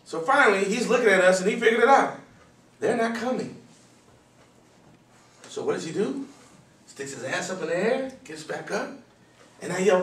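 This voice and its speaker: A man with a fairly high, very lively voice delivers a motivational talk to a room of students, telling stories and acting out voices. He sounds distant in an echoey hall with faint background noise. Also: moderate pace, pauses often. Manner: animated storyteller, acts out voices and shouts. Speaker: motivational speaker.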